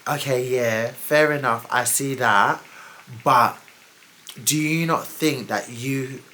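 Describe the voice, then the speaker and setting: A woman's voice: extremely low pitch, slow, fairly bright tone, voice pushed down, heavily acted. A woman voicing a defensive, dismissive young man on the phone, speaking in a huffy, evasive way. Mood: accusing.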